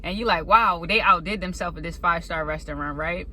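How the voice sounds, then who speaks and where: Bright-voiced woman telling a faith story. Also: fairly low pitch, a little fast, a little hiss or hum. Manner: animated, acts out panicked voices, conversational. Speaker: faith vlogger. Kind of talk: casual storytelling monologue. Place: indoors at a laptop.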